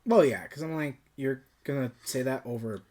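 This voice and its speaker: A man's voice: mid-range voice, fairly quick, a little mellow. A man co-hosting a podcast, talking casually about his cat and a movie in a loose, chatty way full of fillers. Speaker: podcast co-host. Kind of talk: casual movie review chat.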